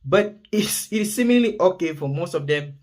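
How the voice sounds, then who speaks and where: A man's voice: high voice, lively intonation, moderate pace, darkish tone. A man giving emphatic, indignant commentary on a social topic.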